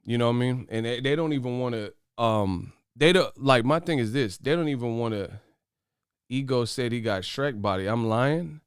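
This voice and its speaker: A brash man riffing straight to his viewers, profane and mocking as he trash-talks a fighter. His voice sits at an ordinary pitch for a man, recorded close and dry with no room around it. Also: normal speed, smooth, dry recording. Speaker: host of a boxing commentary channel. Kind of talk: casual commentary to camera.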